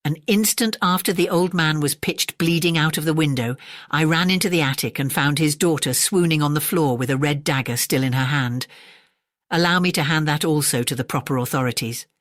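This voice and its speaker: The narrator voicing a placid, sneering manservant in a bedtime audiobook, in a clear, even tone. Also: medium pitch, a little fast, no room sound, studio quality, natural voice.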